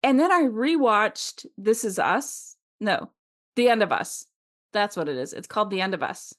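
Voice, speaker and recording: A woman's voice: medium pitch, big pitch swings, normal speed, fairly bright tone. Middle-aged woman, casual podcast co-host, rambling and chatty, mid-range voice. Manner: chatty, rambling, laughs often, many fillers. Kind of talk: casual chat.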